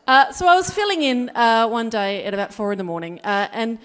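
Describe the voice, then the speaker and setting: Australian woman, stand-up comic, chatty storytelling, fairly high voice. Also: very animated, a little fast, fairly bright tone, slight background noise. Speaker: stand-up comedian. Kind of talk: stand-up comedy set. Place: comedy gala stage.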